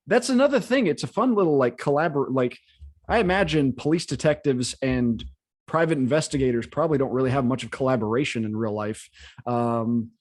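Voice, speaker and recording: A man's voice: medium pitch, a little fast, darkish tone. Southern man, podcast co-host, rambling casual talk, laughs easily. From American South. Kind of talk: casual chat.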